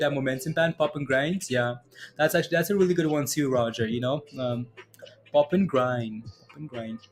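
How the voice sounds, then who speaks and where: A man hosting a live day-trading stream, chatting casually with viewers, full of fillers and tag questions as he talks through charts. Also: fairly high pitch. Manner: chatty, filler-heavy, keeps adding "right?" and addressing viewers by name. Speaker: livestream day-trading host. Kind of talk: casual live chart commentary reading chat.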